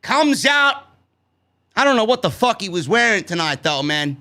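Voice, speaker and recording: Loud, sarcastic New York man. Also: high-pitched, sing-song, normal speed. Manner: loud, sarcastic, swears a lot, shouts often. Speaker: wrestling show reviewer. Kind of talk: animated profane show review rant.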